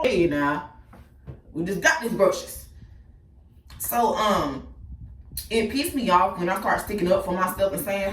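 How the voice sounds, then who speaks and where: A woman bluntly telling her own life story to viewers, profane and animated, speaking straight to her audience. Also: medium pitch, measured pace, pauses often, distant mic. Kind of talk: casual personal storytelling to viewers. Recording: echoey room with the voice off-mic.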